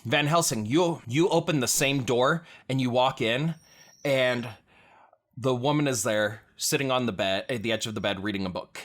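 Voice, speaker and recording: GM, man, mid-pitched, plain, unhurried narration. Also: fairly bright tone. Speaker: game master. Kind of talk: narrating a tabletop game.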